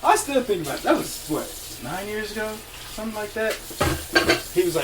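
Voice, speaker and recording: A young man with a high, expressive voice casually tells funny stories at a moderate pace, pausing often, laughing a lot, and swearing freely. He is laid-back and acts out other people's dialogue in shifting voices, and the recording is very noisy.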